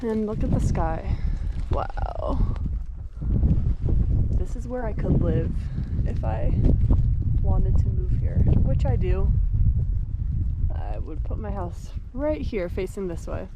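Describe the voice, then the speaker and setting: A young woman in her twenties vlogging casually from her desert campsite, chatty and excitable, swearing now and then, a little out of breath and coughing from dust. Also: mid-range voice, slow pace, pauses often, highs cut off. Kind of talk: casual vlog narration. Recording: loud wind noise outdoors.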